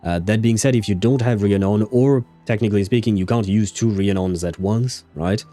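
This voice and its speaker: A man's voice: lowish voice, moderate pace, dark tone, soft background music. A man streaming a game, narrating scenes and chatting with viewers in a rambling, casual way. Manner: rambling, chatty, answers chat, frequent fillers and laughs.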